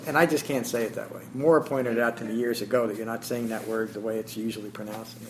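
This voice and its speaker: A man teaching meditation, giving a Buddhist dharma talk to a small class. He thinks aloud with pauses and pokes fun at his own habits. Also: on the low side, fairly even intonation, a little hiss or hum, rough recording. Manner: self-deprecating, chuckling about his habits.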